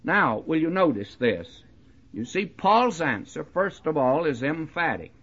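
Male preacher, husky and animated, conversational Bible teaching, emphatic; muffled lo-fi tape. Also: a little high, unhurried. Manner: conversational, addresses listeners directly with "you see" and "my friend"; emphatic, leans into key words. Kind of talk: verse-by-verse Bible teaching sermon. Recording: dull lo-fi recording.

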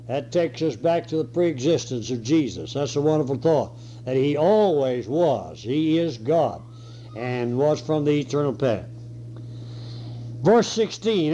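A man preaching a sermon and reading scripture, hoarse with a cold and clearing his throat now and then. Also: on the high side, very animated, unhurried, mellow. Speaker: pastor. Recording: dull lo-fi recording.

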